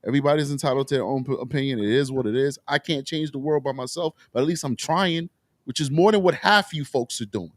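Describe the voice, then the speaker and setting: A man's voice: mid-range voice, quick pace, dry recording. A man hosting a political talk show, speaking with raw emotion and frequent swearing. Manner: impassioned, emotional, profane. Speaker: show host.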